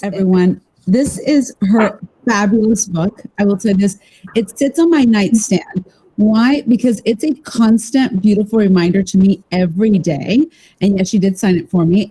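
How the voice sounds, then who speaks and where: Woman host, effusive and rambling, mellow timbre. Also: mid-range voice, slightly rough, low-quality recording. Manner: effusive, rambling, warmly enthusiastic. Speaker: podcast host. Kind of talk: casual interview chat.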